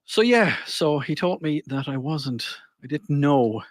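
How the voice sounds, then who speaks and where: A man's voice: a little high, animated, measured pace, no room sound. A man with an Irish accent, co-hosting a casual podcast and telling stories, acting out the voices of people in them. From Ireland. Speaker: podcast co-host. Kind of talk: casual banter, storytelling.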